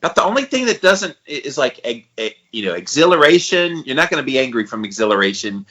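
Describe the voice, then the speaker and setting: Bright-toned man in his forties, lo-fi. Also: medium pitch, sing-song, quick pace. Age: 40s. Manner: thinks out loud, hesitant restarts. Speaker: podcast co-host. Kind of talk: casual podcast chat.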